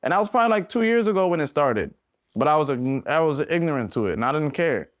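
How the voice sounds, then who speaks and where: A man's voice: a little high, fast, dry recording. Young man, casual storytelling, slangy, acts out voices, dry close sound. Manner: animated, slangy, acts out voices in his stories. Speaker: podcast guest, independent musician.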